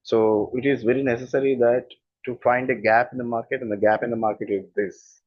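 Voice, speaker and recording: A man's voice: mid-range voice, steady tone, fairly quick, no room sound, highs cut off. A man with a standard Indian English accent, a communication skills coach explaining his views earnestly and stressing points by repeating them. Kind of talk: explanatory talk.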